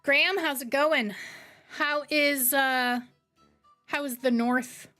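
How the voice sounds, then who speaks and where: A talkative woman in her thirties with a fairly high voice, chatting loosely with her viewers. Her tone jumps up for greetings and drops low for asides, with faint music playing underneath. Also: steady tone, slow. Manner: chatty, rambling, swings between bright greetings and low asides. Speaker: streamer. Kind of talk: casual chat reading live chat.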